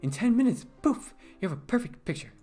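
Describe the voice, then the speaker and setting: A man voicing a sweet, eager young girl in a game, in a high, bubbly voice. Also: big pitch swings, a little fast, faint music behind, heavily acted. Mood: chatty. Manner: high, bright, bubbly girlish voice.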